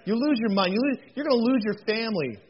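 Speaking fast with lively intonation, a pastor whose voice sits high preaches in an earnest, folksy way. He frequently repeats words and stumbles into joking asides, all captured on a muffled lo-fi recording.

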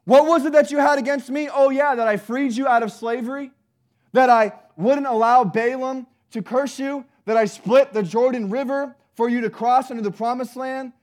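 A man's voice: very high-pitched, fairly even intonation, normal speed, voice pushed up. A man voicing God, indignantly listing what he has done and challenging his people's complaints. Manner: incredulous, rhetorical challenge.

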